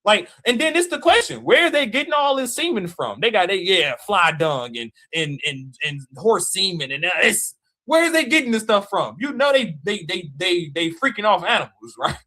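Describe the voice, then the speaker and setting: Loud mocking man ranting on a livestream. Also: high voice, sing-song, moderate pace. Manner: loud, mocking, challenging, repeats himself. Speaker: live stream guest debater. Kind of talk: heated livestream rant. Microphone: live stream call mic.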